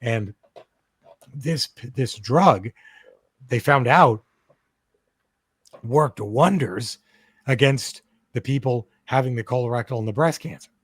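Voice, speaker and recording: Profane, animated male podcast host. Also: medium pitch, takes it slowly, long pauses, husky, dry recording. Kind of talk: casual chat.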